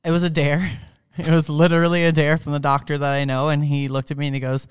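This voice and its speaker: A woman's voice: sits low, flat delivery, quick pace, smooth, no echo, clean studio sound. A woman in her thirties, a guest in a casual interview, who laughs often, swears freely and acts out voices in her stories.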